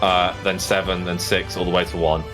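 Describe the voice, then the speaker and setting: A man's voice: deep voice, little pitch movement, brisk, over music. A man narrating as game master of a tabletop game, in a casual, rambling way full of fillers.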